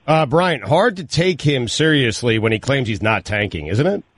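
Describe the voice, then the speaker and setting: A man co-hosting a radio show, reading sponsor promos and jumping in with quick agreement. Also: mid-range voice, slightly rough. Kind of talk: radio talk. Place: radio studio.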